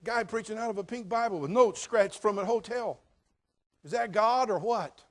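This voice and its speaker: An older man preaching a folksy sermon as pastor, swinging between quiet asides and loud emphatic lines. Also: high voice, normal speed. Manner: folksy, jokey, addresses crowd as brother.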